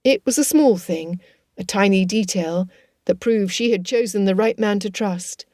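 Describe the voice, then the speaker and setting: Female audiobook narrator, measured and expressive, dry recording. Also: mid-range voice, no echo.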